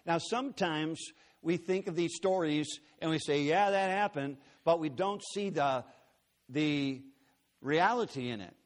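A man's voice: fairly high pitch, measured pace. A man preaching in a large auditorium, telling a story with earnest drama and acting out the quotes. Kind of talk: sermon storytelling.

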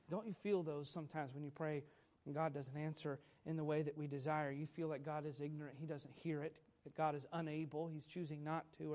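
A man's voice: a little high, darkish tone. A man preaching a sermon, earnest, acting out quoted prayers with pleading emphasis. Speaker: pastor.

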